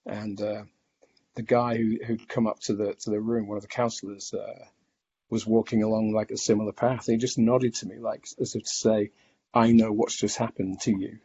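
A man telling his own story in a reflective, halting way, with many restarts and fillers. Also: lowish voice, flat delivery, dark tone, breathy edge. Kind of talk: personal testimony. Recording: dull lo-fi recording.

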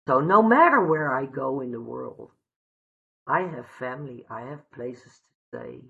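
A woman from the Netherlands gives a personal recovery share in a slow, gravelly, bright voice. She is heartfelt and blunt and swears freely. The recording is dull and lo-fi. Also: very deep voice. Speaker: recovery meeting speaker.

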